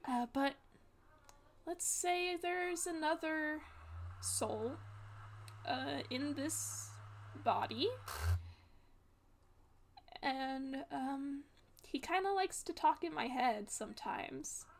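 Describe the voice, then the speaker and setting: A woman playing a gentle young man in a role-play, speaking softly and haltingly with many fillers. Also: high-pitched, expressive, a little hiss or hum, full character voice. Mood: explaining. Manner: soft, hesitant, many fillers. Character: gentle reassuring young man, secretly not human.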